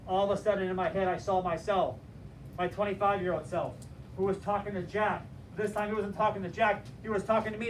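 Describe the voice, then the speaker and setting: Male teacher, late 30s, high voice, animated storyteller; distant mic, faint background noise. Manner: animated, rhythmic storytelling with acted dialogue. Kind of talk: storytelling lesson to students.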